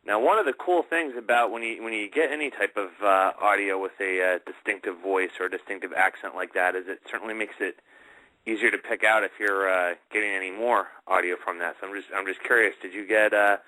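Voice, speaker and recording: A male radio host with a low, deep voice and a bright, forceful edge. He talks casually and directly to his listeners in a live-show manner. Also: a little fast, poor audio.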